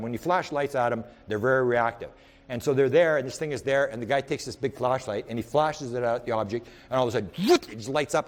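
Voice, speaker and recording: A man giving a UFO research talk, telling stories in a rambling way with many restarts. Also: mid-range voice. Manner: rambling, with frequent restarts and repeated words; animated storyteller who speaks in the present tense. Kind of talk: anecdotal storytelling lecture.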